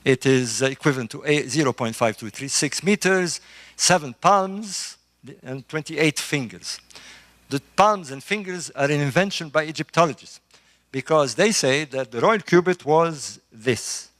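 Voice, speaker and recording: A middle-aged man, a construction engineer, giving an emphatic, animated talk to a group in a room. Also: fairly high pitch, measured pace, no room sound. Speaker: speaker on ancient engineering. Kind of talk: lecture-style talk to a live group.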